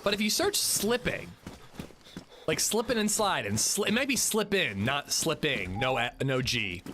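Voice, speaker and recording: A man's voice: on the high side, big pitch swings, a little slow, sharp tone, slight background noise. A man chatting casually while livestreaming a video game, rambling and self-mocking. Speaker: game streamer.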